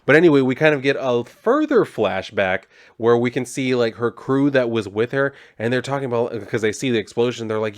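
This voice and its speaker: A young man giving a casual comic book review, rambling and relaxed with plenty of fillers. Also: mid-range voice, brisk, few pauses.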